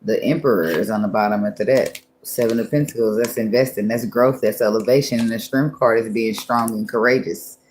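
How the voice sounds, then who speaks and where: A woman gives a casual tarot reading, musing aloud, laughing often, cursing freely and frequently restarting her thoughts. Her very deep voice is a little fast and a little mellow. A slight hiss or hum is audible.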